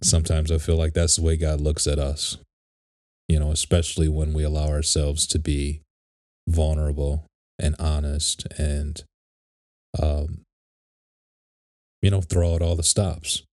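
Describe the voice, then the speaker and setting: Super deep mellow guy, earnest reflective chat, dry sound. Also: little pitch movement, a little slow, long pauses, dry recording. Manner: earnest, reflective, talks about faith and honesty. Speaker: podcast co-host. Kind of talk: casual chat.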